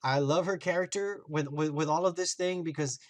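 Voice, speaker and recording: A man's voice: a little high, a little fast. Podcast host, male, casual and profane, acts out quotes while recapping an episode. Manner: animated, profane retelling with acted-out quotes.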